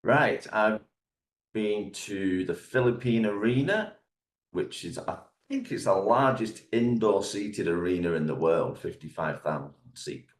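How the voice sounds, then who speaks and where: Low-voiced man, teacherly, in a roomy space. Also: big pitch swings. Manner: measured, explains things step by step like a teacher. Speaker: English exam teacher, guest. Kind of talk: interview answers, explanatory.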